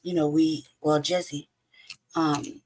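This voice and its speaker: A woman hosting a livestream in a casual, rambling way, hoarse from losing her voice and often pausing to search for words. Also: low voice, level tone, a little mellow, rough recording. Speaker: host. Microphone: home streaming setup.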